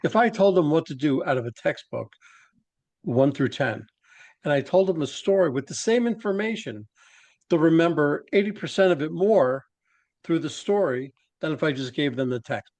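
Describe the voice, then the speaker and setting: A male podcast host with a fairly high voice, talking casually. He explains his points in quick, chatty bursts. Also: lively intonation, a little mellow.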